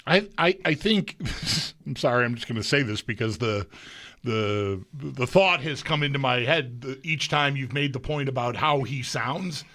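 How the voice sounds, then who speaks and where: A man's voice: mid-range voice, animated, a little slow, bright, forceful tone. A man co-hosting a sports talk radio show, chatting casually with hedges and stumbling starts.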